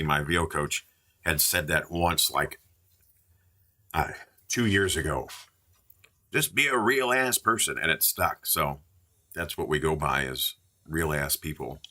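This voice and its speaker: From inside a store, a man with a rumbling, low voice and a sharp edge hosts a live card-opening stream. He chats and jokes with viewers as he calls out card names in casual stream commentary.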